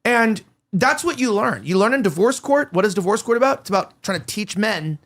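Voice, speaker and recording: A man hosting an opinionated commentary show, talking in a rapid, heated, rambling way with many restarts. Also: high-pitched, big pitch swings, fairly bright tone. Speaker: show host.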